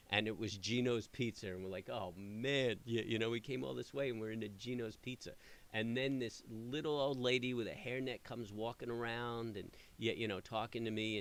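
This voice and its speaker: This is a middle-aged man on a trading stream, rambling casually to viewers with plenty of fillers and false starts. His pitch is fairly low and his tone bright and forceful.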